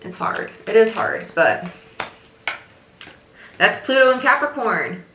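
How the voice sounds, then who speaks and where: Slow and sing-song, a woman with a fairly bright, higher voice chews gum through a casual tarot reading. She chats, repeats herself, and leans on "like" and "right?", over a rough, roomy recording with a little hiss or hum.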